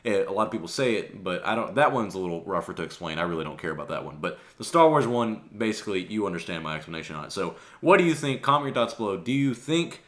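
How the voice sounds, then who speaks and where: A man's voice: deep voice, big pitch swings, fast talker, hardly any pauses, fairly bright tone. A man hosting his own channel, talking casually in a rambling, profane, offhand way. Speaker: channel host. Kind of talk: casual vlog rant.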